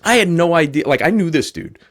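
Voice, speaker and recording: A man's voice: fairly high pitch, lively intonation, a little fast. A man hosting a podcast and telling a long story casually, rambling and filling his talk with "like". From New York. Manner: rambling, heavy use of "like". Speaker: podcast host.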